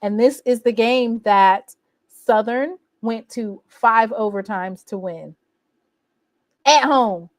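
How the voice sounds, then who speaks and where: Woman with a highish voice trash talking her rivals, hyped, dry close sound. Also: takes it slowly, no echo. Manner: animated, boastful, teasing rivals. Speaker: college football fan vlogger. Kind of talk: casual trash-talking recap.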